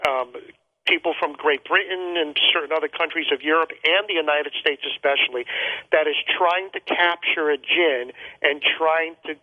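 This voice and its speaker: Man telling a story over a tinny phone line. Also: a little high. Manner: rambling, halting, repeats words and fillers. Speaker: interview guest. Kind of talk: telling a personal travel story. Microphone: phone call.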